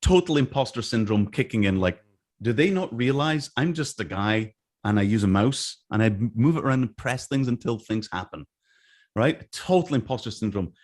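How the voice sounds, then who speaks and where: A man's voice: medium pitch, moderate pace. A middle-aged man from Scotland, telling stories in a casual interview and acting out what others said. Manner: animated, acts out quoted voices. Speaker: interview guest. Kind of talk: casual storytelling.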